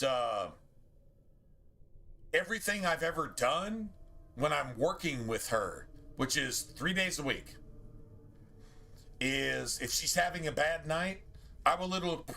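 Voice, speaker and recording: This gaming streamer rants profanely and ramblingly to his chat in a slightly high, gravelly voice that comes out pushed and bright.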